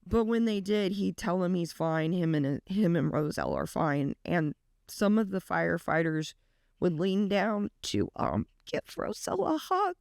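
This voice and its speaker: A woman retells a story in an earnest, casual way, leaning on the emotional moments. Her voice has a gravelly edge. The sound is dry and close. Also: lowish voice, expressive, unhurried, darkish tone, no room sound. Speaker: reaction vlogger.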